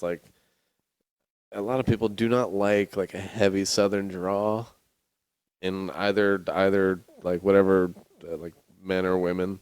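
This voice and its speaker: Lowish, crisp-voiced young man. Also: no echo. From South Florida. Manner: crude, laughing, slips into mock voices. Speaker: podcast co-host. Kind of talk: casual chat.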